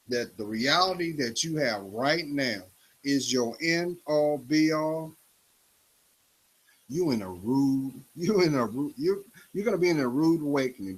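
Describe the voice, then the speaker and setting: A man giving an emphatic motivational talk in a preachy style, swinging his pitch up and down for effect. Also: a bit bright, breathy edge, rough recording. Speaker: motivational speaker.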